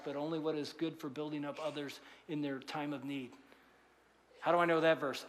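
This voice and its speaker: A man's voice: on the high side, big-room sound. A man in his sixties preaching a sermon in a church, in a conversational, storytelling way with frequent asides. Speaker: pastor. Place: large church auditorium.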